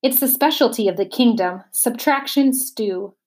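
A woman's voice: a little high, moderate pace, a little mellow, close to an everyday voice. A woman doing a pleased, lecturing twelve-faced figure. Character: pleased many-faced male figure, explaining.

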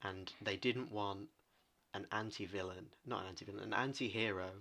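A man co-hosting a podcast, retelling things in a rambling, animated way. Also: fairly low pitch, fairly quick, vocal fry. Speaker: podcast co-host. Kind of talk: casual chat.

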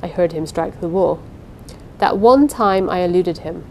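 A woman reads a first-person story aloud in a dramatic, suspenseful way. Her voice sits fairly low, with a faint rumble under the recording. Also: measured pace, a little mellow, poor audio. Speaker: audiobook narrator. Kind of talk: scripted first-person narration.

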